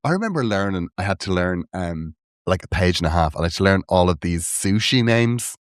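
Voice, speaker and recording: A man co-hosting a comedy podcast, chatting casually and breaking into high laughs and mock voices. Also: animated, brisk, no echo, clean studio sound. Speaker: podcast co-host.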